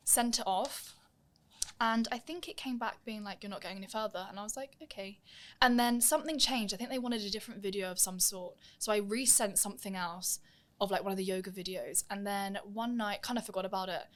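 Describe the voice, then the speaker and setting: A woman's voice: mid-range voice, steady tone, fairly quick, a bit bright. A young woman telling stories in a casual interview, acting out the voices of people she quotes. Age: young adult. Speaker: guest, musical theatre performer.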